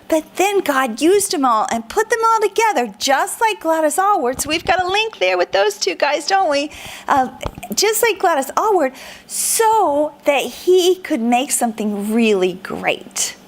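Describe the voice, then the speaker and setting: A woman teaching a children's lesson in a playful, animated, sing-song way. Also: high voice. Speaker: homeschool teacher.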